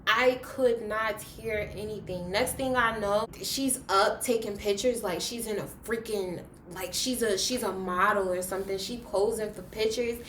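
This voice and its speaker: A young woman tells a story to her viewers in a loose, casual way. Her voice sits at an ordinary middle pitch and swings between hushed asides and loud, dramatic bursts. The room gives her voice a noticeable echo, with faint ambient noise underneath. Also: normal speed, hardly any pauses. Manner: animated, dramatic retelling with big swings in loudness. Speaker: vlogger. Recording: roomy echo.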